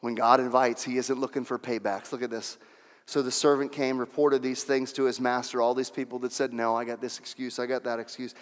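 A male pastor preaching a sermon, emphatic, repeating lines for effect and swinging from hushed to shouting. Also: medium pitch, little pitch movement, brisk, in a large hall.

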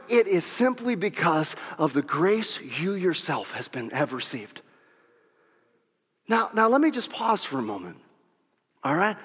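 A man pastor preaching a sermon in a church sanctuary, animated, with shouted peaks and whoops. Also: high-pitched, unhurried, pauses often, slightly rough. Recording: long reverb of a large hall.

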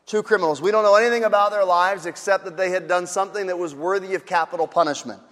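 A man's voice: high voice, fast, a bit bright, big-room sound. A male pastor preaching a sermon in a conversational, emphatic way with rhetorical asides.

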